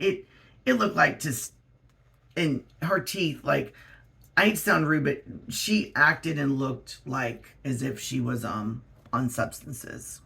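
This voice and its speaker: A man with a raspy, gravelly, fairly high voice tells a casual storytime on his vlog. His sound is bright and edgy, and he keeps it loose and animated, leaning on "like" as he goes. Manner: chatty, animated storytelling with many "like" fillers. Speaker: vlogger.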